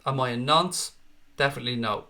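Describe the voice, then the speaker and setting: Speaking at a brisk clip, this young man from Ireland runs a casual live stream where he reads chat comments aloud and fires back bluntly and profanely. His medium-pitched voice has a sharp edge.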